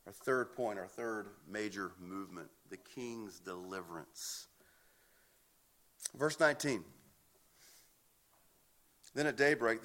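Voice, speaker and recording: A man's voice: lowish voice, a bit bright. A man preaching an expository sermon, emphatic and often repeating words as he builds a point. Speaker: pastor.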